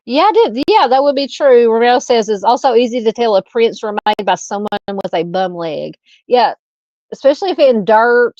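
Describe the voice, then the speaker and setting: A woman from Arkansas with a Southern Arkansas accent, hosting a true crime live stream, thinking aloud in a halting way while she reads and answers viewer comments. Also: fairly high pitch, lively intonation, a little mellow, no echo, highs cut off.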